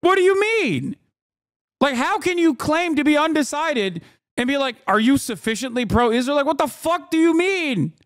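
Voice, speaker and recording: Exasperated high-voiced male streamer ranting. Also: lively intonation, moderate pace, no room sound, studio quality. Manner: exasperated, profane, incredulous, shouts at times. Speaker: streamer reacting to a video. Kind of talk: angry ranting commentary.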